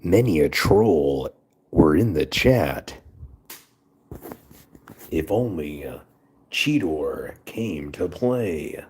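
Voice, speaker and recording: A man putting on the voice of a male movie trailer announcer, with a dramatic, drawn-out delivery. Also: rumbling low, lively intonation, darkish tone, heavily acted.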